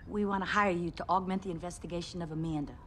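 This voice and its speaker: Actress as an insistent worried aunt. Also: female voice, lowish voice, fairly even intonation, fast talker, a bit bright, a little hiss or hum, lightly acted.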